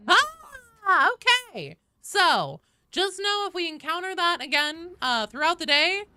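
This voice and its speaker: A woman in her thirties streams a game and chats casually with her viewers, joking and answering their questions. Her voice is bright and lively, and now and then she breaks into loud, sweary outbursts. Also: very high-pitched, moderate pace.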